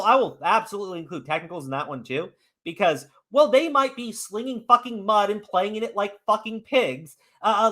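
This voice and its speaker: A man on a podcast, ranting hard and swearing often. His pitch swings widely from line to line, and his voice has a bright, forceful edge. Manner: profane, heated and emphatic. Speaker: podcast host. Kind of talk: ranting commentary.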